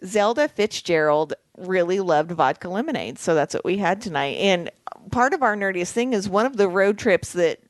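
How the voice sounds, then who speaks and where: A woman's voice: lowish voice, lively intonation, moderate pace, no echo. A woman co-hosting a podcast, chatting casually in a teasing, upbeat and playful way. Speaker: podcast co-host. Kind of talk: casual chat.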